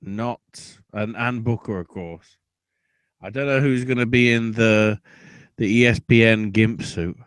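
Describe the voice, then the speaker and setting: A man co-hosting a podcast in casual chat, swearing often and bursting into excited outbursts. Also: lowish voice, a little slow, clean tone, no room sound. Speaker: podcast co-host.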